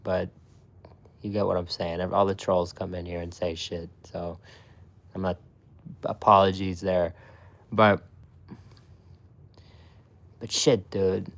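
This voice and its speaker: A man's voice: low voice, little pitch movement, slow pace, creaky, long pauses. A young man streaming live, chatting casually with his viewers and swearing a lot. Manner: profane, talks to chat.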